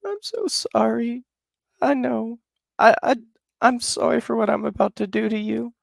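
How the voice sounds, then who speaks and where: A man putting on a desperate young mother's falsetto. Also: big pitch swings, slow pace, creaky, no room sound, studio quality, exaggerated voice. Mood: sorrowful. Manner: pleading in a high falsetto. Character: desperate young mother pleading, grief-stricken woman.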